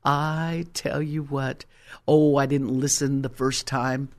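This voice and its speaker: A woman's voice: very deep voice, flat delivery, slow pace. An older woman giving a personal faith testimony, telling her story emphatically and acting out the quotes. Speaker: Christian testimony speaker.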